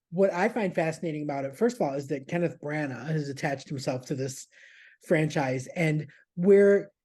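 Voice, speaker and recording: A man's voice: fairly high pitch, mellow. A man chatting casually as a podcast's regular news contributor, rambling, laughing and swearing freely.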